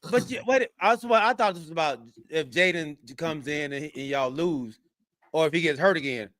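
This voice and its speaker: A man's voice: a little high, moderate pace, fairly bright tone, dry recording. A man co-hosting a casual sports talk show, teasing and acting confused. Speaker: podcast co-host.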